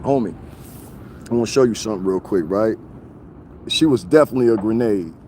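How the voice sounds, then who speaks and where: A man's voice: fairly low pitch, brisk, dark tone, a little hiss or hum. A man livestreaming outdoors by a street, ranting to his viewers in a mocking, confrontational way and laughing often. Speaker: livestreaming vlogger. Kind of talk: casual livestream rant to viewers.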